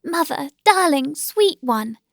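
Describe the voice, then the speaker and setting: A woman voicing a small, sleepy, affectionate boy in an audiobook, raising her voice higher and sounding eager. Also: slow pace, vocal fry, dry recording, clean studio sound, heavily acted. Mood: excited. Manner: eager, excited, higher-pitched child voice.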